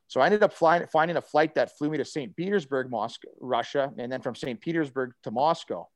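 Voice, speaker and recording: A man's voice: mid-range voice, quick pace, few pauses, no room sound. A middle-aged man, a former hockey player telling a long story in a casual chat, full of fillers and restarts. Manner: rambling, animated storyteller with many fillers and restarts.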